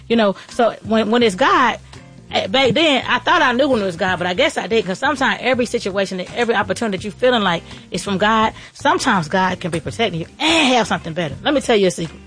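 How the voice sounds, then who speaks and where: Fast-talking woman preaching faith. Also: medium pitch, soft background music. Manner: fast, excited, preachy, repeats phrases. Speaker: podcast host and restaurant owner. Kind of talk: motivational faith talk.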